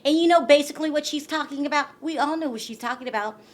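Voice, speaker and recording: Fast-talking and high-voiced, a woman from California vlogs on YouTube about celebrity gossip, speaking casually to the camera. She leans on emphasis, repeats words to stress them, and often asks viewers "okay?"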